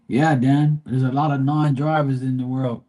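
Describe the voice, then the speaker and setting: A man's voice: medium pitch, dark tone. A man, chatting casually on a live stream and ranting bluntly with plenty of cursing. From Bermuda. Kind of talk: casual chat.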